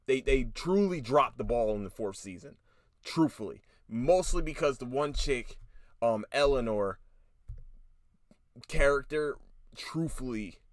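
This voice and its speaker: A man's voice: mid-range voice, no room sound, clean studio sound. A man hosting his own podcast, talking casually and rambling, swearing often and restarting his sentences. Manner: animated, profane, rambling with restarts. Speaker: podcast host. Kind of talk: casual solo podcast commentary.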